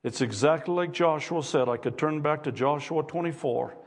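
A man's voice: mid-range voice, normal speed, creaky, hardly any pauses, long reverb tail. A man preaching a sermon as pastor in a church, earnest and insistent, asking his listeners repeated rhetorical questions. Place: church sanctuary.

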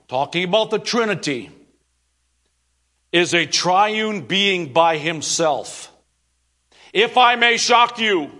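Emphatic high-voiced male preacher. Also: sharp tone. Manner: emphatic, reads quotes then rebuts them. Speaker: pastor. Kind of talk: sermon.

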